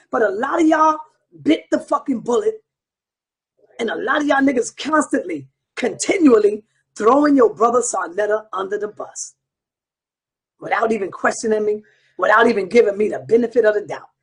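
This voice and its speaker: A man's voice: very high-pitched, husky. A man hosting an online show, delivering a heated, profane monologue straight to his viewers. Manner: profane, combative, preaching to viewers.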